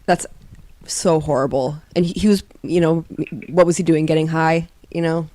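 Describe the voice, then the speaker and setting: A woman hosting a podcast interview, earnest in her questions and frank in her disgust. Her voice is notably low, and the recording is dry with no room sound. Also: fairly even intonation, moderate pace, mellow, no room sound. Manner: earnest, openly appalled reactions. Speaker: podcast co-host.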